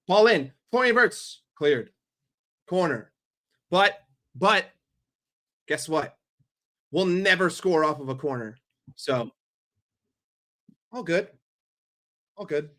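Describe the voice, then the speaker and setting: Slow and full of long pauses, this New Yorker's watchalong football commentary is profane, sarcastic and excitable. His fairly high voice carries a very bright, forceful edge, and he swings between low grumbling and sudden loud yelling.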